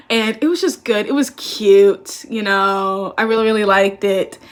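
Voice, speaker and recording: A young woman chats casually to her camera, her voice sitting a little high. She swears freely and breaks into laughter often, loose and candid in her delivery. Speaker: vlogger. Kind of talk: casual chat.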